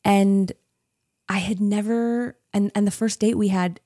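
A woman's voice: mid-range voice, fairly even intonation, a little slow, warm tone, dry recording, studio quality. A woman in her thirties, a podcast guest, chatting casually and telling a story with frequent laughs. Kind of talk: casual interview chat.

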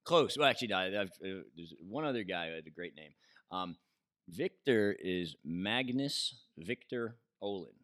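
Low-voiced swearing American man. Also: lively intonation, unhurried, a bit bright, no room sound, studio quality. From United States. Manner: swears freely, laughs often, many restarts. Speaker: podcast co-host. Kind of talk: casual chat.

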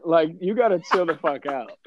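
A man co-hosting a casual podcast, his voice a little high for a man. He laughs easily and ribs his guest with goofy comparisons. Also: lively intonation, normal speed, highs cut off, slight background noise. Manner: laughing, teasing banter.

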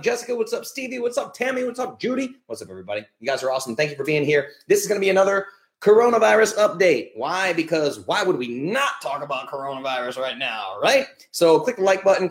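A man's voice: on the high side, echoey room. Fired-up ranting male podcast host. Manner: energetic, ranting, swears freely. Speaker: podcast host and nutritional therapist. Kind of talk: casual live-stream chat. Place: home, at a laptop. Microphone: laptop mic.

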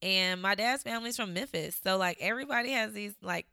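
A woman's voice: medium pitch, brisk, vocal fry, pushed and bright, no room sound, clean studio sound. Chatty young woman with a slight Southern drawl. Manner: chatty, lots of fillers, laughs often. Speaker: vlogger. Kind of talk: casual reflective talk to camera.

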